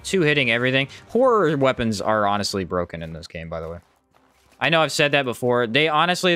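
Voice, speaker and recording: A man's voice: sing-song, quick pace, pushed and bright, soft background music. A man streaming a game live, chatting casually with viewers and reacting to the play. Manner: chatty, reads out chat, jumps up in pitch when surprised. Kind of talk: casual live gameplay commentary.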